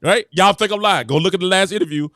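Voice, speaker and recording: A man hosting his own show, giving casual sports commentary in an animated way, laughing often and repeating himself. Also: sits high, quick pace, no echo, studio quality. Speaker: show host.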